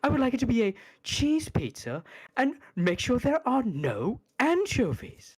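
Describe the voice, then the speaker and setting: A guy putting on a smug fella who sounds sarcastic no matter what, tone swoops up and down then lands on bumpy emphasis, wide lively pitch. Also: measured pace, breathy edge, exaggerated voice. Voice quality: sarcastic-sounding, rising-falling tone with bumped emphasis. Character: smug, droll adult man commentator.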